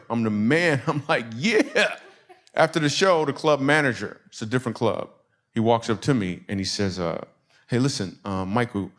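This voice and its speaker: A middle-aged man from Michigan, a comedian and speaker, telling a funny story to a laughing audience and acting out the people in it. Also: medium pitch.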